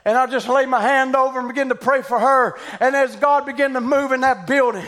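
Fiery revival preacher, man, very high and ringing voice, shouting, faint congregation behind. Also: steady tone, a little fast. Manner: fervent, shouting, exclaims hallelujah. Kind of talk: revival sermon and prayer. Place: church building with congregation.

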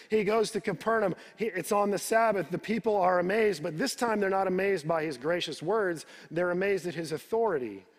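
A male pastor preaching a sermon, retelling the scripture in his own words and repeating words as he builds each point. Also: high voice. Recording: reverberant hall.

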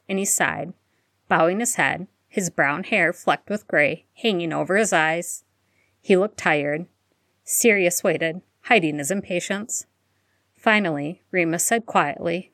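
A woman reading fan fiction aloud as narrator in a steady, measured way. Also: on the low side, dry recording, clean studio sound.

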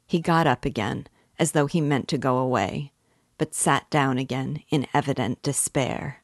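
A woman reading a classic novel aloud as a literature teacher, measured and careful. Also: a bass voice, dry recording, studio quality.

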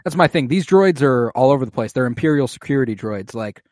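A man's voice: mid-range voice, fast, no echo, clean studio sound. Casual young man recapping a show. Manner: animated, acts out characters' lines in a raised voice. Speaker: podcast co-host recapping a TV series. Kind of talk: casual chat.

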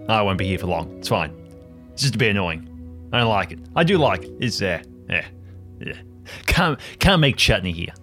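A man's voice: on the low side, animated, normal speed, a bit bright, soft background music. A man voicing a chatty older father who rambles, grumbles and stumbles over his words.

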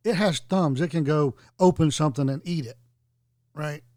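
A man's voice: fairly high pitch, normal speed, darkish tone, no room sound, studio quality. A man chatting casually on a podcast, rambling and joking through digressions. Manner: rambling, jokey, digressive storytelling.

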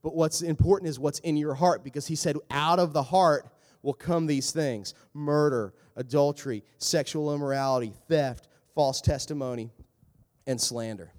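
A male pastor preaches in a loose, humorous way, with a voice pitched a little above most men's. He keeps tossing in asides and jumps into short voiced impressions. A long reverb from a large hall trails behind every phrase. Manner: animated, joking asides with quick voiced impressions. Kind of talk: sermon.

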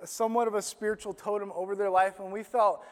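Brief: middle-aged male pastor, higher voice, storytelling sermon, long hall echo. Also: quick pace. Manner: personal storytelling, animated and self-deprecating.

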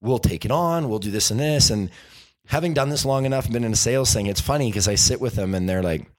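A man on a podcast telling animated stories and acting out the voices of the people in them. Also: medium pitch, fast, no room sound. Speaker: documentary filmmaker guest. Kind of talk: podcast interview storytelling.

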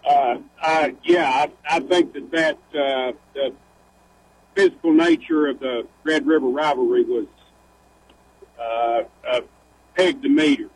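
A man with a husky voice who gives his view on sports radio, hesitating and filling with uhs before he finds his point. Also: medium pitch, a little slow, no echo, poor audio. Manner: hesitant, with many fillers. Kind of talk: casual sports talk.

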